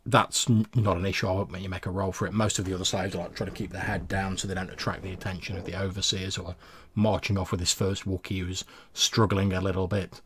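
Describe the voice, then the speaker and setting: A man narrates as game master of a tabletop game, describing scenes with small halting restarts. His voice is deep and husky. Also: flat delivery, a bit bright.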